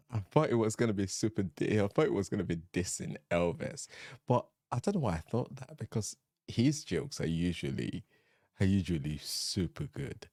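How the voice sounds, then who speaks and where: A man's voice: low-pitched, mellow, no echo, studio quality. A man giving casual reaction commentary, laughing often and musing on what he just watched. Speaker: reaction video host.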